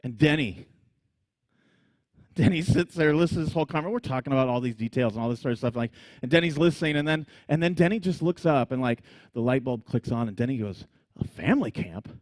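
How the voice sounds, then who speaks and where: A man preaching a sermon, telling the story with animated energy, frequent laughs and acted-out scenes. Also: mid-range voice, fast talker, dry recording. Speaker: pastor.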